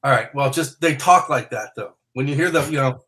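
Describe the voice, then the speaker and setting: A man's voice: mid-range voice, a little fast, sharp tone, low-quality recording. An American man hosting a podcast, chatting casually and joking, often laughing. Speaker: podcast host. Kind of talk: casual chat.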